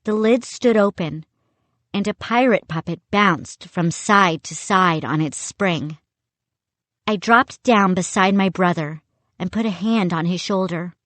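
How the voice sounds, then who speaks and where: A woman reading a children's chapter book aloud, in a slow, measured way. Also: on the low side, fairly bright tone, no room sound. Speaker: reader. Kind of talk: audiobook narration.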